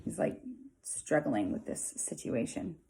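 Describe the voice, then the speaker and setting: Gravelly-voiced woman reading a children's book aloud. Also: extremely low pitch, measured pace, warm tone. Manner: casual asides with many fillers. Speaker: reader.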